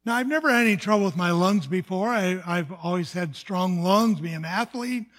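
An older pastor with a strikingly high, slightly bright voice gives his personal testimony. He speaks earnestly in a plain sermon style, stumbling into restarts and filler words as he tells the story.

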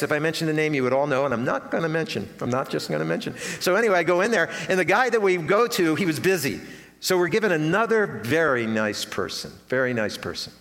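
A man's voice: fairly high pitch, fairly bright tone. An older man preaching a sermon to his congregation, telling a folksy story with self-deprecating asides. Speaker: pastor. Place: church sanctuary. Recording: long reverb of a church hall.

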